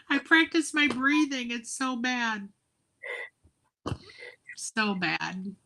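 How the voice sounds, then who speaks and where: Woman, slow, bright tone, giggly, repeats herself. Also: a little high, lively intonation. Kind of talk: casual chat.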